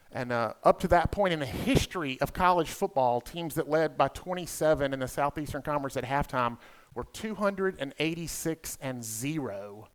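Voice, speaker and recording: A man in his fifties with a Southern US accent, emceeing a conference as a comedian with quick, playful crowd work. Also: medium pitch, smooth. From South Carolina. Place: conference hall stage.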